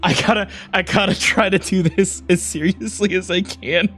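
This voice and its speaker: A man's voice: high voice, steady tone, moderate pace, a bit bright, faint music behind. A young man streaming a game from home on a desk mic, chatting casually in a giggly, profane, self-mocking way. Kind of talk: casual live-stream chat while gaming.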